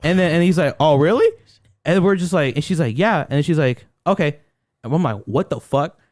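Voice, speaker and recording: A young man crudely telling a high school story in casual podcast chat. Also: fairly quick, darkish tone, dry recording, studio quality. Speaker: podcast co-host.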